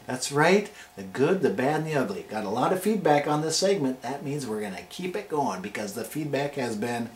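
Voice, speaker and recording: A man's voice: medium pitch, expressive, moderate pace. A man hosting a casual video review, talking in a hyped, playful countdown style. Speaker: wrestling show reviewer and host. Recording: roomy echo with faint noise.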